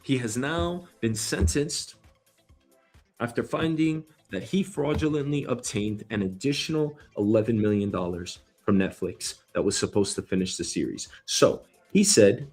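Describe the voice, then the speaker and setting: A man's voice: mid-range voice, moderate pace, darkish tone, soft background music. Profane swaggering male show host. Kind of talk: casual news commentary.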